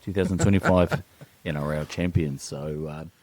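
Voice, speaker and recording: A man's voice: rumbling low, steady tone, moderate pace, darkish tone, no echo. A man co-hosting a casual sports chat podcast, hyped and teasing, often saying "talk to me". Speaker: podcast co-host.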